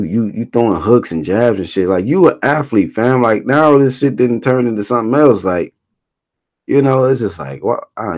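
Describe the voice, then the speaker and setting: Rambling incredulous man, lively pitch. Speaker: streamer answering chat. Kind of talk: casual live-stream commentary.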